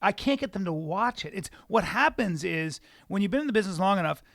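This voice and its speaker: A middle-aged man co-hosts a podcast in a studio, his voice sitting high with a gravelly edge. He talks candidly in meandering, hesitant runs full of restarts. The sound is dry and close. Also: lively intonation, fairly quick, fairly bright tone, no echo. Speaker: podcast co-host, stand-up comedian. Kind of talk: casual podcast chat.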